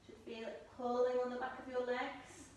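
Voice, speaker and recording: A woman's voice: high-pitched, level tone, normal speed, darkish tone, lo-fi sound, slight background noise. A woman coaching a home gymnastics class, calling out jumps and stretches while doing them along with her pupils. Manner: calls out moves while exercising along. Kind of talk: home exercise class instruction. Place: indoor room at home. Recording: echoey room, mic far off.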